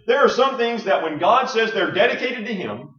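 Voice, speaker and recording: A man preaching a morning sermon, earnest and halting, with frequent fillers and restarts as he reads and explains scripture. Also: high-pitched, expressive, a bit bright. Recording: muffled, roomy, distant mic.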